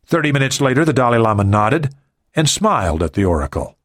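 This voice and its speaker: A man reading a thriller audiobook in steady scripted narration. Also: medium pitch, a little fast, dry recording, clean studio sound.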